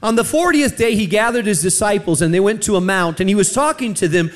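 A man preaching a sermon, telling a personal story and slowing down for emphasis. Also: high-pitched, lively intonation. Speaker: pastor.

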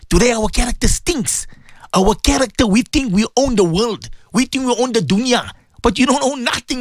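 A man hosting a morning radio show, giving religious advice in a preachy, animated way, repeating phrases for emphasis. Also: high voice, no echo, clean studio sound. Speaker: radio presenter. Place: radio studio.

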